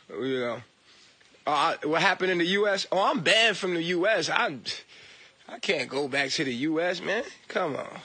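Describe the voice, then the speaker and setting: Bright, husky-voiced man ranting casually. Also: on the high side, unhurried, no room sound. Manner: profane, animated, mocking, laughs at himself. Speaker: online talker. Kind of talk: casual rant.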